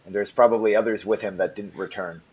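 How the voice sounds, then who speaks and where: A man's voice: on the low side, fairly even intonation, fast talker, slightly rough, highs cut off. A man narrating as game master in a tabletop game, hesitant and full of ums and restarts.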